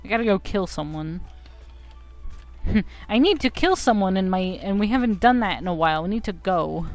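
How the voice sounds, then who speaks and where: A woman's voice: mid-range voice, lively intonation, moderate pace, a little mellow, dry recording. A young woman streaming a video game, joking and self-mocking as she reads the text aloud. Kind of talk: casual game commentary. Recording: faint game music behind.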